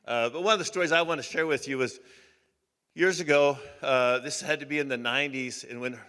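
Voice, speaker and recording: Older man telling bright, folksy rodeo stories. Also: medium pitch, a little fast, clear, resonant tone. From Oregon. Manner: folksy, rambling anecdotes with many restarts. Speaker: hall of fame inductee giving a speech. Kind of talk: banquet acceptance speech, storytelling. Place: banquet hall. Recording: long hall reverb.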